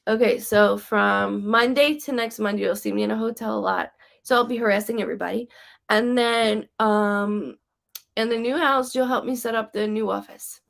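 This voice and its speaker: A woman's voice: mid-range voice, steady tone, moderate pace, creaky. A woman psychic medium giving casual live-stream readings, chatty and rambling with lots of "like" and "um", passing spirit messages on to viewers.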